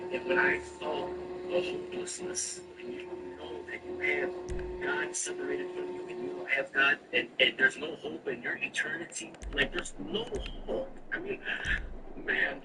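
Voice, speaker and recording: A man's voice: fairly high pitch, big pitch swings, normal speed. Earnest man telling a testimony, distant and noisy. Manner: earnest, emotional, repeats phrases. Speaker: person giving a religious testimony. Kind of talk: personal testimony storytelling. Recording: distant mic with loud background noise.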